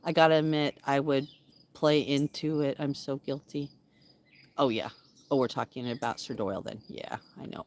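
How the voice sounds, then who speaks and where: A woman with a low, rugged voice chats casually with her viewers outdoors in her backyard, breaking into a playful singsong to call to the animals. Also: fairly even intonation, normal speed, darkish tone, slight background noise. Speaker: vlogger. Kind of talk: casual live chat with viewers.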